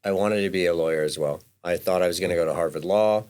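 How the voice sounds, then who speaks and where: A man co-hosting a podcast in casual talk, halting and stumbling over his words, joking around. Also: deep voice, a little mellow, clear, resonant tone. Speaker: podcast co-host. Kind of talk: casual interview chat.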